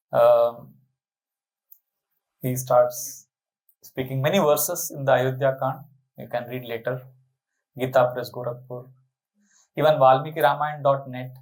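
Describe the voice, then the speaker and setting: A man giving a storytelling sermon, lively, asking the audience rhetorical questions. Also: mid-range voice, low-quality recording. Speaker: spiritual speaker.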